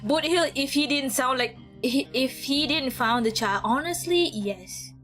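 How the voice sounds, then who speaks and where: This is casual gameplay talk from a young woman streaming, rambling and giggling with plenty of laughter. Her voice sits high and a bit bright, her pace is measured, and soft music plays underneath.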